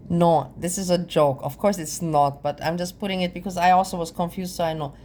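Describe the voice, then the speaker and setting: A woman's voice: fairly low pitch, fairly even intonation, darkish tone. A woman speaking English as a second language, giving a wry, laughing casual commentary on a clip. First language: not English. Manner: wry, laughs often, explains things slowly. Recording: faint ambient noise.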